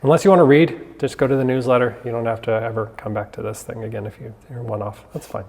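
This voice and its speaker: A man's voice: medium pitch, steady tone, quick pace, vocal fry, a little mellow, a little hiss or hum. Man, fitness coach, casual gym vlog chat, upbeat and motivational, long hall reverb.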